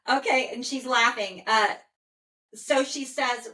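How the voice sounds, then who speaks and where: Bright-voiced woman in a roomy echo. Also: on the high side. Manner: calm, soothing, with frequent "okay" pauses. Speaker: animal communicator. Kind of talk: relaying a dog's messages in first person.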